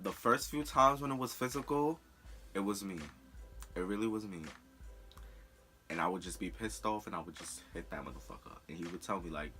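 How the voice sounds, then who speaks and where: A young man telling a personal story in a candid, profane, animated way on a storytime vlog. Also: lowish voice. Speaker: vlogger.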